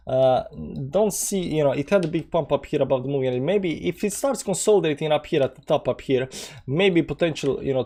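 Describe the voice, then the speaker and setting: A man hosting a casual live stream, reading chat and talking through charts in a rambling, filler-heavy way, low on energy. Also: mellow. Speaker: crypto live stream host.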